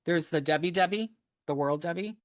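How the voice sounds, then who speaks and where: Animated woman telling a lively story. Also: fairly low pitch, brisk, no echo, clean studio sound. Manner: animated, acts out quoted voices, laughs often. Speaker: psychic guest. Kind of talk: casual storytelling chat.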